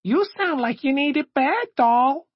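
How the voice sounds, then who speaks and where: A man putting on a sultry, squeaky barfly woman. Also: animated, unhurried. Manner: sultry, teasing. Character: crude flirtatious masked barfly woman. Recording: dry, dull lo-fi recording.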